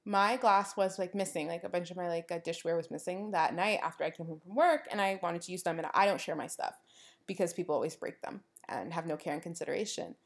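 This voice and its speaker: A woman's voice: lowish voice, quick pace. Young woman on her podcast, chatty, lots of "like", acts out the dialogue in her stories. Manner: animated storytelling, acts out quoted dialogue; frequent "like" fillers. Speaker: podcast host. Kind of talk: casual monologue.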